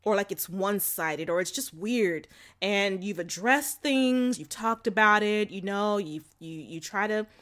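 With an animated, slightly bright medium-pitched voice at a measured pace, a woman talks to her viewers about relationships. The to-camera chat is frank and slangy, punctuated by laughter and constant "like" and "you know."

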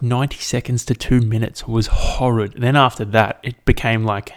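A man's voice: mid-range voice, fairly even intonation, measured pace, hardly any pauses. A young man, rambling and swearing casually as he hosts a solo podcast. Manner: rambling, sweary, self-deprecating. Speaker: podcast host.

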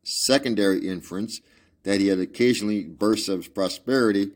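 Sherlock Holmes, read by a low-voiced man. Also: brisk, darkish tone, natural voice. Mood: explaining. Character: brilliant, precise Victorian male detective. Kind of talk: audiobook reading with asides.

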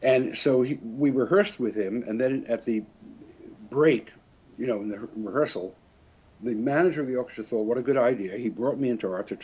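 A lowish, slightly mellow male voice with a breathy edge comes from an older French horn player. He rambles through anecdotes during a casual interview, chuckling a lot and correcting himself, captured in dull lo-fi audio.

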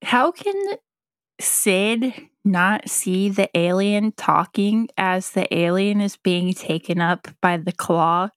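A woman co-hosting a podcast in casual chat, talkative and quick to laugh. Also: medium pitch, fairly even intonation, clear, resonant tone, dry recording, studio quality. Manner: chatty, laughs often, quick asides. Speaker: podcast co-host.

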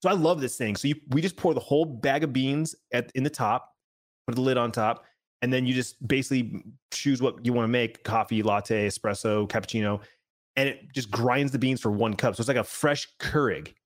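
Chatty man at a middle pitch. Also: fairly quick. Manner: enthusiastic, chatty, uses many fillers like "like". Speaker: podcast co-host. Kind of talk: casual chat.

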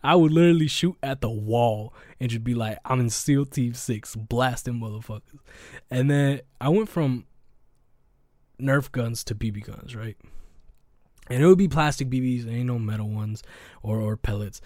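A man's voice: medium pitch, moderate pace, a little mellow, dry recording, clean studio sound. A young man hosting a podcast, telling stories in a slangy, profane, rambling way with lots of fillers. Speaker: podcast host. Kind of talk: casual podcast chat, storytelling.

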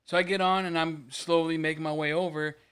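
Laid-back young man, slightly higher voice. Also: flat delivery, fairly quick, fairly bright tone, clear, resonant tone. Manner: laid-back, profane banter. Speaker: podcast co-host. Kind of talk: casual podcast chat.

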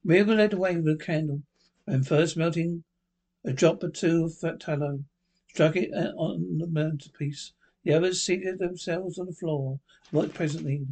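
A man's voice: fairly high pitch, moderate pace, a little mellow. Man reading a ghost story aloud. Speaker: narrator.

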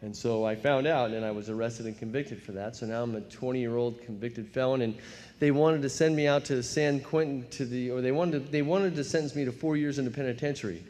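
A man tells his own story to a recovery meeting, mid-pitched and conversational. He slips into quick voices for his younger self and laughs at his own past. His voice carries the long reverb of a large hall. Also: a little mellow. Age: 50s. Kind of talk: personal testimony talk.

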